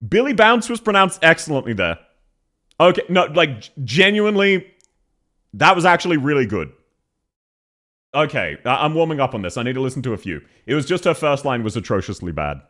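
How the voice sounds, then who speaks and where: An Australian man talks through a stream in a casual, blunt way, laughing often and swearing freely. His pitch swings widely as he reacts. Nothing about him is polished. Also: big pitch swings, fairly quick, fairly bright tone. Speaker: streamer reviewing voice acting.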